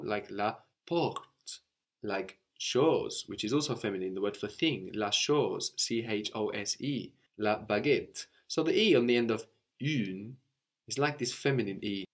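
A man teaching a language lesson, explaining step by step in a patient way and often checking in with a questioning "no?". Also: medium pitch.

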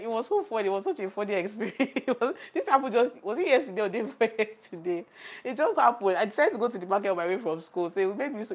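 A woman with a Nigerian accent who is chatty and laughs often. She cooks on camera, reads out the live chat and talks to her viewers. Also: medium pitch. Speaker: cooking vlogger. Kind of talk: casual chat on a cooking livestream. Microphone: camera on a tripod.

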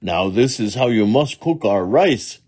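A wicked, sly ogre from a storybook, as a man puts him on, talking in an oddly polite, theatrical way. His husky voice jumps up high when he gets excited. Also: measured pace. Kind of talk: children's storybook reading.

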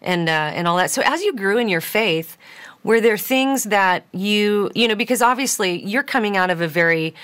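A woman's voice: medium pitch, lively intonation, normal speed, a bit bright, clear, resonant tone. A woman hosting an interview, asking questions in an encouraging way. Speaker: podcast host.

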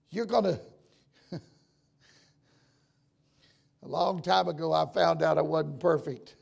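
An older man preaching a sermon and telling stories, dropping to a hush and rising to shouts. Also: a little high, vocal fry. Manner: storytelling preacher, swings from hushed to shouting. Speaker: pastor.

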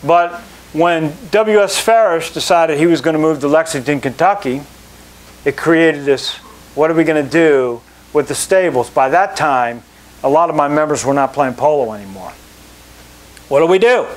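Animated middle-aged man telling stories. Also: fairly high pitch, moderate pace. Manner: animated storyteller, acts out quoted people. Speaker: country club general manager. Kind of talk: anecdotal talk to an audience.

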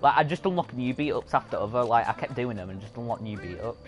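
A man rambles and corrects himself as he plays, in a casual streaming voice of middling pitch. Game music plays clearly behind him. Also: animated, fast. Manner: chatty, rambling, self-correcting. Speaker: gaming streamer. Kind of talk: casual let's-play commentary.

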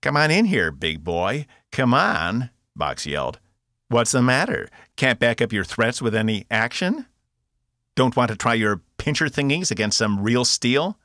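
A man voicing a loud, defiant male robot in an audiobook, shouting back at a guard. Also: sits low, huge pitch swings, moderate pace, gravelly, no echo, studio quality, heavily acted. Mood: taunting.

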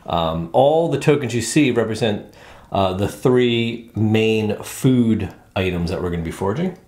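A man's voice: on the low side, animated, measured pace, darkish tone, echoey room. A male host casually explaining a board game, rambling with lots of fillers and restarts. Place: indoors at a game table.

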